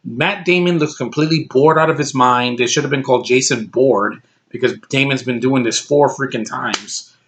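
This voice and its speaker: A man's voice: medium pitch, moderate pace, hardly any pauses, fairly bright tone. Guy venting about a bad movie, blunt, fed up, keeps restarting his sentences. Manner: blunt, exasperated, rambling with restarts. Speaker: movie reviewer. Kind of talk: casual ranting review.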